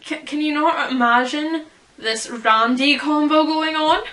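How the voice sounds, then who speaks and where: Young woman, fan vlogger, slow giggly ramble, bright tone. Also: high-pitched, rough recording. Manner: giggly, rambling, self-deprecating. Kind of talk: casual chat.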